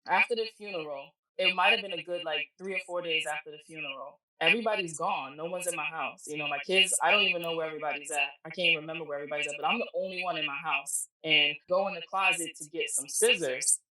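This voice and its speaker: A woman's voice: low-pitched, fast talker, few pauses. A middle-aged woman telling a personal story as a podcast guest, blunt and emphatic, acting out the voices of people she quotes. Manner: animated, acts out quoted dialogue, emphatic and blunt. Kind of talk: emotional personal storytelling in casual chat. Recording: echoey room, distant mic.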